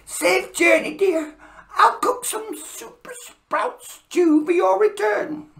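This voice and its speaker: A woman's voice: very high-pitched, slow pace, vocal fry, fairly bright tone, echoey room, voice pushed up, exaggerated voice. A woman voicing a sweet, doting elderly Mrs Claus with a fond, motherly manner in a storybook reading.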